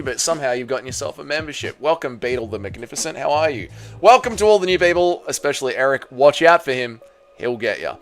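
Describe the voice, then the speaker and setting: A man's voice: a little high, a bit bright. An Australian man hosting a casual livestream, chatting and greeting viewers one after another with plenty of slang. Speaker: livestream host.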